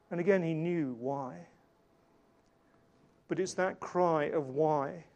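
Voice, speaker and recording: A man preaching a sermon in an earnest way, slowing down and changing his volume to stress key points. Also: fairly high pitch, darkish tone. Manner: earnest, varies volume for emphasis, slows on key lines.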